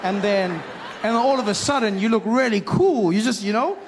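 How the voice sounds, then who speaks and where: High-voiced South African stand-up comic. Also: male voice, normal speed, big-room sound, a little hiss or hum. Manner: animated storytelling with impressions. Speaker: stand-up comedian. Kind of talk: stand-up comedy routine.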